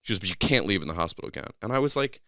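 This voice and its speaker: A man's voice: on the low side, rapid-fire, no echo, clean studio sound. A man casually telling a long story on a podcast, acting out the people in it with raised voices. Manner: animated, acts out quoted people in a raised voice.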